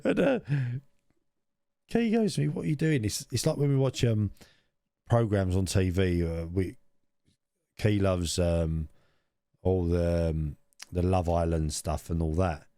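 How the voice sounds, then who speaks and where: A man's voice: low voice, unhurried, pauses often, warm tone, no echo, clean studio sound. A man co-hosting a podcast, chatting casually, laughing often and repeating phrases for comic effect. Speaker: podcast co-host. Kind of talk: casual chat.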